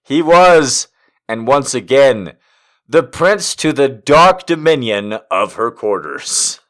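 Man, comic reading of erotic poetry, keeps cracking up; lively pitch, unhurried delivery. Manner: laughing, incredulous asides between lines. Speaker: comedic reader.

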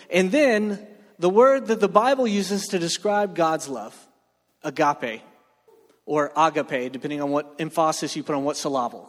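A man preaching a joking sermon, talking with the room and asking for reactions. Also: a little high. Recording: long hall reverb.

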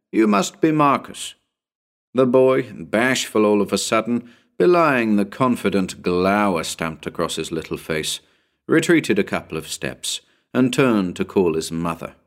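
Deep voiced guy reading a creepy story, really expressive, suspenseful audiobook narration.

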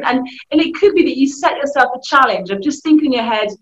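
A woman with a British accent, giving lively, animated advice as a guest in a conversation, often laughing. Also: on the high side, fairly quick, few pauses. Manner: animated, laughing, acting out family voices. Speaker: youth work guest. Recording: muffled lo-fi audio.

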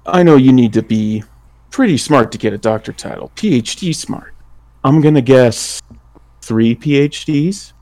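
A man playing in a tabletop role-playing game, talking in a relaxed, rambling way and laughing often. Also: mid-range voice, unhurried. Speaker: player.

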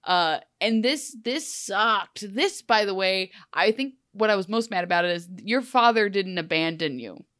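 A woman's voice: mid-range voice, expressive, normal speed, few pauses, fairly bright tone, dry recording, studio quality. A woman co-hosting a podcast, giving emphatic, rambling opinions in casual chat. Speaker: podcast co-host. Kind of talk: casual chat recapping a TV show.

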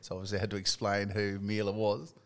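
A man's voice: on the low side, monotone, fast, a bit bright. A middle-aged Australian man in casual sports chat, laid-back, swearing freely and laughing often. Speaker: podcast co-host.

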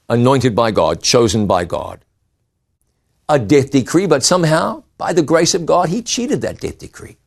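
A man preaching a sermon, reading scripture aloud and retelling it with lively rises and drops in pitch and volume. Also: moderate pace, creaky, husky. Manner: expressive Bible reading with shifting pitch and volume.

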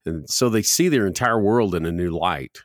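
Casting: very low male voice, easygoing podcast host, dry mic. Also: expressive, moderate pace, dry recording. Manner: easygoing, leads the discussion. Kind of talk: casual podcast chat.

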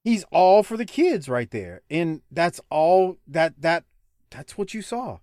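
A man's voice: on the high side, sing-song, takes it slowly, a little mellow, no echo, studio quality. A man co-hosting a casual podcast, laughing and rambling. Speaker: podcast co-host. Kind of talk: casual chat.

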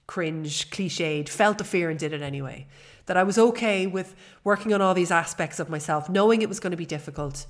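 A woman in her forties talks through a personal podcast episode, sincere and chatty, with the odd "um" along the way. Her voice sits a little low for a woman. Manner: warm, earnest and chatty, with fillers. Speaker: podcast host.

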